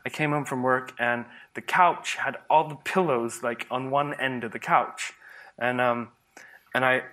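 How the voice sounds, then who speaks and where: A man's voice: mid-range voice, steady tone, unhurried, sharp tone. A man, a psychologist, giving a humorous conference talk, playful and sarcastic, often laughing at his own examples.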